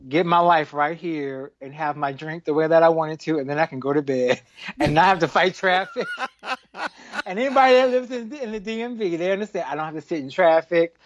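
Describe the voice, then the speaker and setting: A man's voice: a little high, moderate pace, no room sound, lo-fi sound. Joking, chatty man on a podcast. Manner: chatty, joking storyteller who laughs often. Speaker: podcast co-host. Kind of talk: casual chat.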